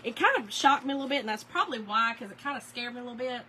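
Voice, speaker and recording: Woman in her forties hosting a craft livestream, bright higher voice, talkative storyteller chatting with viewers. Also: lively intonation, very fast, slight background noise, low-quality recording. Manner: chatty storyteller, talks to viewers and reads their names aloud. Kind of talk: casual livestream chat while crafting.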